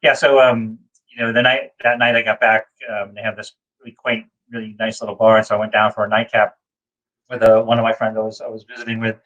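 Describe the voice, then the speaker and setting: A man's voice: level tone, fast, a bit bright, muffled recording. A man from New England, co-hosting a casual chat and telling long, rambling anecdotes full of fillers. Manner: rambling storyteller, acts out quotes in a high voice. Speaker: co-host.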